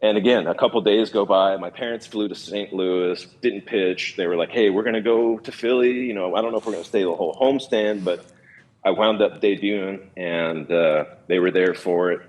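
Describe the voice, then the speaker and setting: A man in his thirties from California, a former pitcher telling stories in an easygoing interview, with many fillers and restarts. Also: fairly quick, darkish tone. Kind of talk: relaxed storytelling interview.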